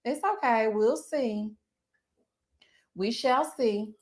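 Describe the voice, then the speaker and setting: A woman recapping a reality show on her channel, chatting loosely with viewers, reading their comments aloud and laughing often, with drawn-out endearments. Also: on the high side, animated, a bit bright. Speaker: TV recap YouTuber. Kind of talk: casual recap commentary reading live chat.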